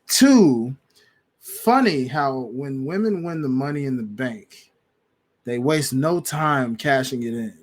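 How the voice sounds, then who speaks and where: A man's voice: medium pitch, expressive, slow pace. A man co-hosting a wrestling podcast, chatting casually with slang and acting out quotes in funny voices. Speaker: podcast co-host.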